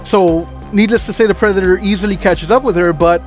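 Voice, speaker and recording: A man co-hosting a podcast, recounting a film's scenes in casual chat, animated and swearing freely. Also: high voice, a little fast, soft background music. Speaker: podcast co-host.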